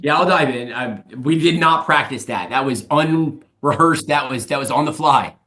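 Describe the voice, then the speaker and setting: A man in his thirties co-hosting a casual movie podcast, relaxed and hesitant, often restarting his sentences. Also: mid-range voice, normal speed. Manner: relaxed, hesitant with fillers and repeats. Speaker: podcast co-host.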